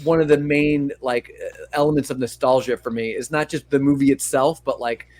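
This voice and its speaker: A man from Long Island, co-hosting a podcast and chatting casually, animated and swearing freely as he acts out lines. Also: medium pitch, brisk. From Long Island, New York. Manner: animated, acts out movie quotes with laughter, swears a lot. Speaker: podcast co-host. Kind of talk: casual chat.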